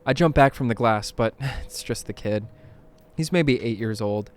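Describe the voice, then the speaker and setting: A man reading creepy first-person stories aloud in a dramatic narration, dropping to a hush at tense moments. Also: mid-range voice, moderate pace, slight background noise. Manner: dramatic, hushed at tense moments, bursts of alarm. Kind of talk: scripted horror story narration.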